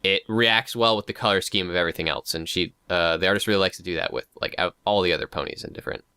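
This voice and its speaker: A man's voice: low voice, fast, sharp tone, smooth, no room sound. A man co-hosting a casual podcast, rambling through his thoughts with many fillers. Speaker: podcast co-host discussing fan art. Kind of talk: casual chat.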